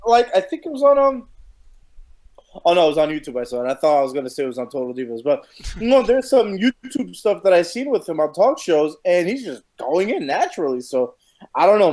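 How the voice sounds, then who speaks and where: A man's voice: high voice, a little mellow. A man co-hosting a podcast, chatting easily about wrestling and slipping into silly voices for quotes. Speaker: podcast co-host. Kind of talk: casual profane wrestling chat.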